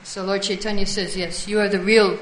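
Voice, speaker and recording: A woman's voice: mid-range voice, fairly even intonation, fairly quick, slight background noise. A woman teaching a devotional class, retelling stories with quoted dialogue and answering listeners. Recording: echoey room.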